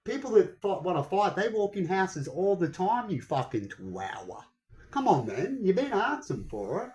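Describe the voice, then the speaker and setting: A young man talks straight to his viewers in a casual vlog rant, heated and full of swearing. His voice sits on the high side and jumps around with lively, wide swings in pitch. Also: normal speed, low-quality recording. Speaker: vlogger. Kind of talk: casual ranting monologue.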